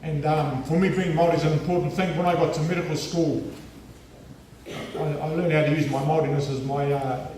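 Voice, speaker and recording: A man with a New Zealand accent giving a lively, humorous storytelling speech as a guest speaker at a school assembly. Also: on the high side, fairly quick, slight background noise. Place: large school hall. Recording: echoey hall from far off.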